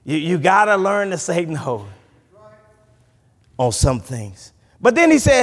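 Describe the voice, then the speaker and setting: Guy preaching a sermon, high voice swinging all over, long hall echo. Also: takes it slowly, pauses often. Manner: animated preaching with frequent stammered restarts. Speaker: pastor. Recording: long reverb from a large hall.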